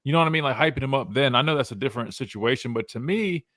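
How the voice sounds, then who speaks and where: A man's voice: mid-range voice, rapid-fire, fairly bright tone, dry recording. Slangy male sports show host. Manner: loose and conversational, slangy. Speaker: show host, former linebacker. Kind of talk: casual sports talk.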